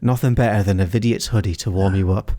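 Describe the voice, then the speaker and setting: A man's voice: lowish voice, fast. A man co-hosting a comedy podcast, reading donor names and plugging merch with laughter. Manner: animated, laughing, reads donor names loudly. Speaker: podcast co-host. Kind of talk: casual podcast banter.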